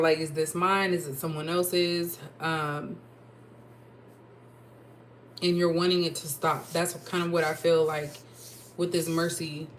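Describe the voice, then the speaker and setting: Woman tarot reader, lowish voice, casual and rambling, faint background noise. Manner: chatty, thinking aloud with fillers and asides. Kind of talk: casual tarot reading to camera.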